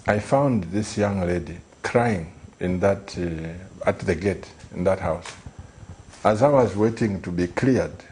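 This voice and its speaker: A middle-aged man, a pastor, telling a story in earnest on a talk show, slow and pleading, repeating phrases for emphasis. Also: sits low, a little mellow, slight background noise.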